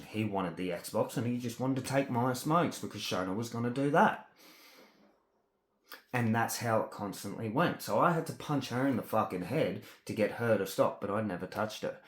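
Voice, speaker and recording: An Australian man in a rambling, agitated personal rant, full of swearing, with halting speech that gets stuck on words. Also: mid-range voice, echoey room. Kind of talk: ranting personal monologue.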